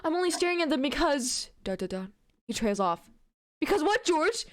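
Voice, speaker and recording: A woman's voice: high voice, very animated, fairly quick. A woman streamer reading fan fiction aloud on stream, stumbling over words and laughing often.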